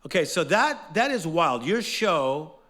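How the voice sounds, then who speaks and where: High-voiced man leading a lively class. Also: a little slow. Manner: energetic, playful, quizzes the audience. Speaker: motivational teacher. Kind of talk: live motivational class with call-and-response. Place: class in front of a live audience.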